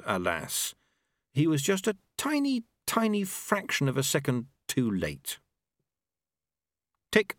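A man narrating an audiobook in a wry, expressive storytelling manner. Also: medium pitch, dry recording, studio quality. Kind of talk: scripted narration.

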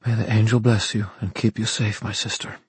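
A man's voice: mid-range voice, a little fast, darkish tone, breathy edge, no echo, pitched above the performer's own voice. A man voicing a tired, wry young woman warrior in an audiobook. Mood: earnest.

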